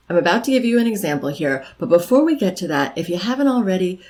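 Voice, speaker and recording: A woman's voice: mid-range voice, a little mellow, rough recording. A middle-aged woman giving encouraging, conversational advice straight to the camera, repeating her key phrases for emphasis. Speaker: life coach vlogger. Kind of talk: direct-to-camera advice talk.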